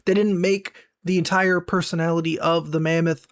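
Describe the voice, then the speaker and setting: A man's voice: on the high side, little pitch movement, normal speed, no room sound, studio quality. A young man ranting in a sarcastic, mocking commentary voice. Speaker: commentary YouTuber.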